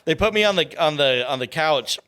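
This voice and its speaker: Bright-voiced, laughing storyteller man. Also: a little high, animated, fairly quick, clear, resonant tone. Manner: rambling, profane, laughs a lot while telling. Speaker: podcast talker. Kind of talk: casual storytelling. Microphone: podcast studio mic.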